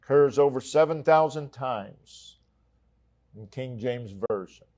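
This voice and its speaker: Male church preacher, measured unhurried delivery, emphatic repetition. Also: mid-range voice, a little mellow. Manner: slow, emphatic, repeating key phrases. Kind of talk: sermon.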